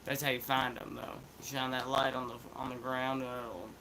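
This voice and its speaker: A man's voice: medium pitch, little pitch movement, moderate pace, background noise. A man with an Appalachian accent chatting in a laid-back, rambling, slangy way as a vlog host. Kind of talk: casual chat vlog.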